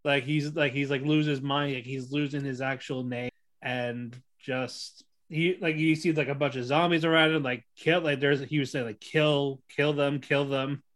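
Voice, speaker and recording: A man casually recapping an anime episode, excitable, acting out the characters' lines and laughing often. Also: medium pitch, moderate pace. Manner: excitable storytelling, acts out quotes, laughs often. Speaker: podcast co-host reviewing an anime. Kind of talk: casual chat.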